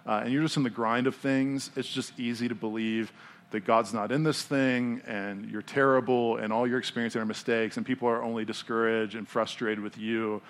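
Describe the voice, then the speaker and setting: A man's voice: medium pitch, moderate pace. An American man preaching a casual, conversational sermon in church, telling stories with lots of fillers. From United States. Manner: animated storytelling with many fillers. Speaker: pastor. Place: church in Denver.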